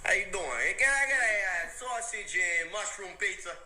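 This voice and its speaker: A man putting on an exaggerated Italian-American accent, shouting a pizza order and drawing out his words. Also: high-pitched, animated, moderate pace, over a noisy crowd. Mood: hammy. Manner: shouting, stretching words, escalating each repeat. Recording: echoey clip played back on a phone.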